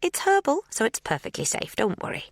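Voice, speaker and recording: A woman's voice: a little high, wildly swooping pitch, a little fast, no room sound, studio quality, pitched above the performer's own voice, heavily acted. A woman putting on a sing-song, falsely sweet captor. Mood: falsely soothing. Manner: sing-song, soothing yet menacing. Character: unsettling older woman posing as midwife, falsely sweet.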